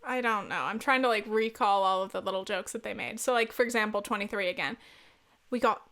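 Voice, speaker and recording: A woman's voice: medium pitch, quick pace, fairly bright tone. A woman hosting a solo podcast, telling a travel story in a chatty, laughing way with casual swearing. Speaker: podcast host.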